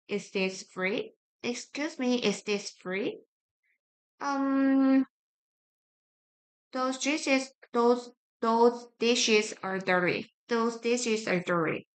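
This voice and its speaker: A study-with-me streamer, a woman whose native language is Korean, reads simple grammar practice sentences aloud. Her voice is on the high side, and she repeats each sentence with halting restarts.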